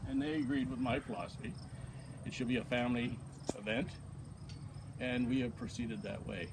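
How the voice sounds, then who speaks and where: A man's voice: medium pitch, steady tone, moderate pace. Man, folksy storyteller, speech to a crowd, noisy background. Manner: folksy storyteller, telling a joke with quoted voices. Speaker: honoree giving acceptance remarks. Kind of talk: casual speech to a gathering.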